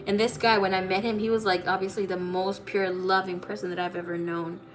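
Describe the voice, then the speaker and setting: A woman's voice: mid-range voice, level tone, a little fast, soft background music. A woman who reads tarot as a psychic, telling a personal story in a casual, blunt way, swearing freely and using many fillers. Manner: blunt, profane, full of fillers.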